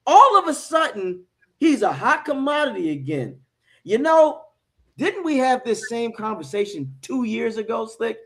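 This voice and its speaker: A man's voice: very high-pitched, very animated, measured pace, fairly bright tone. An American man hosting a fan sports talk show, brash, hyped and profane. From United States. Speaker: show host.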